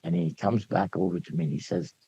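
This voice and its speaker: Older male storyteller, gravelly and lively, acts out the dialogue, heard on a dull, dry lo-fi recording. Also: deep voice, brisk, no echo. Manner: animated, acts out dialogue, laughs often. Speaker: speaker sharing memories at a gathering. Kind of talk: anecdotal storytelling to an audience.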